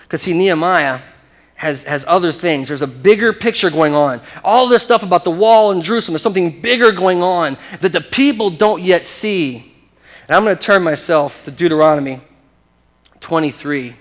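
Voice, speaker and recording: A man preaching a sermon and teaching from scripture, animated and emphatic, often restarting phrases and chuckling. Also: a little high. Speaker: pastor.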